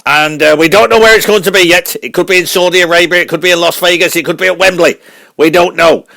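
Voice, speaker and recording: Man impersonating a blustering boxing dad, high voice, forceful, blunt. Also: steady tone, fast, gravelly, heavily acted. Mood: boastful. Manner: blunt, name-calling, boastful. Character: gruff blustering boxing father, older man. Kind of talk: comedy radio sketch.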